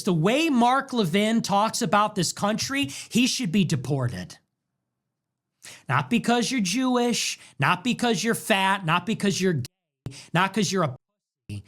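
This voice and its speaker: A man's voice: sits high, animated, a little slow, a bit bright. A young man hosting a livestream, ranting in an angry, indignant, preaching monologue. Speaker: political livestream host.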